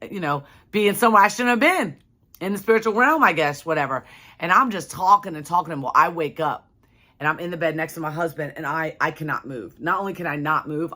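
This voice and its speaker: A woman's voice: deep voice, pushed and bright. A young adult woman telling a personal story to her viewers in a casual, chatty way, full of "like" and "you know". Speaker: vlogger.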